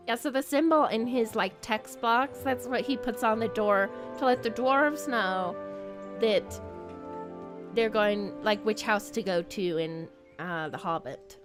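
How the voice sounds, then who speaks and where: A woman streaming a game, chatty and giggly, thinking out loud as she plays. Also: a little high, a little slow, over music. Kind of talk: casual game reaction stream.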